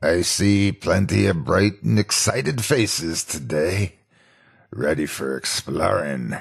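A man's voice: sits low, vocal fry, slightly rough, full character voice. Foxy, a man doing an old pirate animatronic. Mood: slow, menacing. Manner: slow pirate drawl. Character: old male pirate fox animatronic, gruff yet fond.

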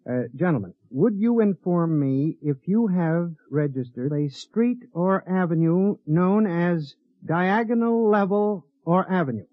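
An actor playing a hapless young lawyer who hesitates and gets flustered, in a muffled vintage radio drama recording. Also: male voice, high voice, animated, unhurried, few pauses, dry recording. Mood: dictating. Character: hapless young male lawyer, nervous and eager. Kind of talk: 1950s radio drama acting.

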